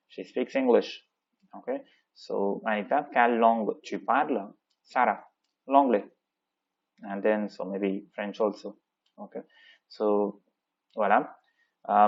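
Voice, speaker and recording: Low-voiced man teaching French. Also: creaky, breathy edge, muffled recording. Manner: reads French lines slowly, then translates with many "okay, so". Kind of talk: classroom lesson explaining a textbook dialogue.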